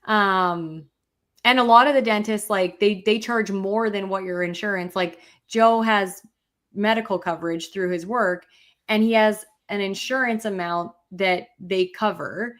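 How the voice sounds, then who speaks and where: A woman co-hosting a casual podcast chat, telling stories animatedly and jumping higher when she quotes herself. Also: measured pace, fairly bright tone. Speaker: podcast co-host.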